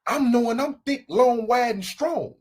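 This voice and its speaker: A woman telling a comic story in slangy, animated fashion, acting out voices and sound effects. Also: a little high, measured pace, slightly rough. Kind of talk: comedic storytelling.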